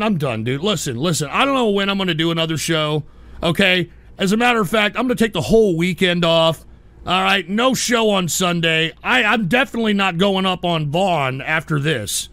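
Exasperated bright-voiced male streamer. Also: high-pitched. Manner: exasperated, ranting at chat. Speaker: live streamer. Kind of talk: live stream chat reading.

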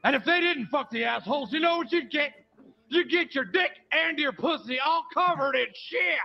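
A man voicing a crude puppet action hero, ranting and rising to a shout, heard in a dull lo-fi film clip. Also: extremely high pitch, animated, moderate pace, vocal fry, soft background music, full character voice.

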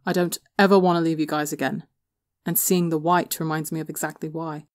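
A woman voicing a young man, a soft-spoken older brother who teases gently. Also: sits low, level tone, fairly quick, no room sound, clean studio sound, close to an everyday voice. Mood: gentle.

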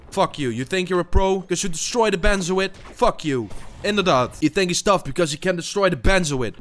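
With soft music behind him, a tired young gaming YouTuber who isn't a native English speaker mutters and swears to himself through his gameplay commentary. He has a high, bright voice with lively intonation and a moderate pace.

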